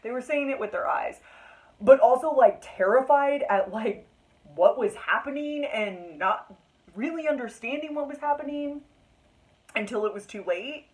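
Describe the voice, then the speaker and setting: A woman's voice: on the high side, lively intonation, moderate pace, rough recording. A young woman in a casual reading vlog, talking emotionally and dramatically about a book she just finished, with frequent fillers. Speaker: book vlogger.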